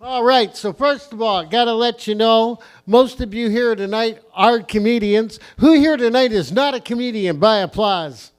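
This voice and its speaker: High-voiced, foul-mouthed man hosting stand-up. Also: normal speed, few pauses, clean tone. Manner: crude, rambling, profane banter with the crowd. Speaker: comedy host. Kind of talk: stand-up comedy. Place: comedy venue stage before a live audience.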